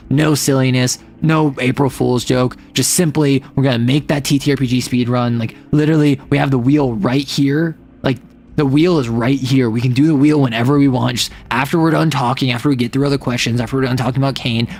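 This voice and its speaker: A young adult non-binary streamer chatting casually and rambling, often sliding between higher and lower voice registers. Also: a little mellow. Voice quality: some gravel in the voice. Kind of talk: casual live-stream chat.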